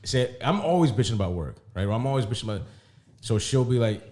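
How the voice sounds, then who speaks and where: A man's voice: medium pitch, sing-song, quick pace, darkish tone. A man co-hosting a casual podcast, talking candidly and profanely about his relationship. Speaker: podcast co-host. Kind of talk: casual chat.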